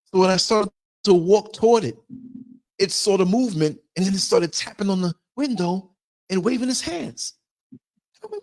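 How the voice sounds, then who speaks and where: A man's voice: high voice, expressive, normal speed, pauses often. An older man from the United States, hosting a livestream and telling a story in a blunt, emphatic way. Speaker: podcaster host.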